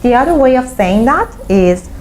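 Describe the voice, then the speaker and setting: A woman's voice: a little high, sing-song, moderate pace, darkish tone, a little hiss or hum, rough recording. A woman teaching an online English lesson, explaining step by step and repeating her examples. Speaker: English teacher and language school founder.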